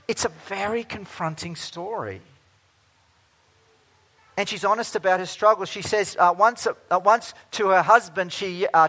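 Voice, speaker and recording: A man preaching a sermon as pastor, earnest, moving between emphatic stretches and hushed ones. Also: high-pitched.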